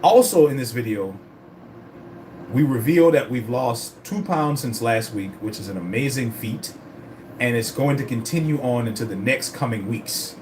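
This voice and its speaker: A man's voice: medium pitch, moderate pace, noisy background. A man vlogging about his fitness journey in a casual, rambling, profane way. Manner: rambling, profane, animated storytelling. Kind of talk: casual chat.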